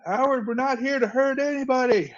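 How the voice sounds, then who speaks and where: Man, high voice, dull muffled voice-chat audio, earnest in-character calls. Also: fairly quick. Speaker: player. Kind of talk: in-character tabletop play.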